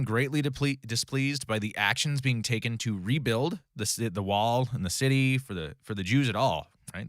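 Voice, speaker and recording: A man's voice: on the low side, dry recording, clean studio sound. A man teaching a casual Bible study, talking through a passage conversationally with frequent fillers, self-corrections and "right?" check-ins.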